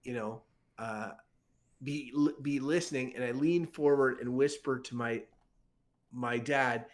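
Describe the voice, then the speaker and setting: A man's voice: mid-range voice, a little slow. A man describing his character's actions as a player, rambling and correcting himself.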